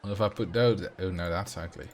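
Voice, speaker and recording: A man's voice: deep voice, fairly quick, a little hiss or hum. A man, streaming a building game, chatting casually, reading chat and thinking aloud with self-mocking humor. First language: Dutch.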